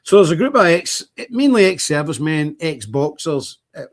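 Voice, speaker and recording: This livestream host delivers a blunt, forceful monologue in casual style, chuckling often along the way. His somewhat high voice has a sing-song lilt, and his pace is moderate.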